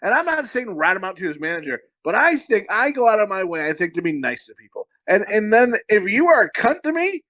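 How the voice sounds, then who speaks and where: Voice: medium pitch, very animated, fairly quick, hardly any pauses, bright, forceful tone, no room sound. Crude, profane ranting podcast voice. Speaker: podcast co-host. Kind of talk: casual chat.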